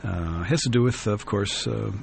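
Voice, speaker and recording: A man hosting a radio talk show, reading a newspaper column aloud in an earnest, reflective way with many pauses and fillers. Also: on the low side, vocal fry, slight background noise.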